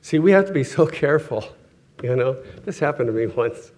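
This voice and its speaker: A middle-aged man preaching a sermon in a loose, conversational way. He often restarts his sentences, laughs softly and acts out the people in his stories. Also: mid-range voice, lively intonation, a little fast. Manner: conversational, self-correcting, chuckles often, acts out quoted voices.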